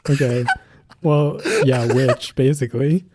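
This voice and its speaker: A man's voice: medium pitch, unhurried, background noise. A man co-hosting a podcast, chatting casually and teasing his co-hosts. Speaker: podcast co-host. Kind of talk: casual chat.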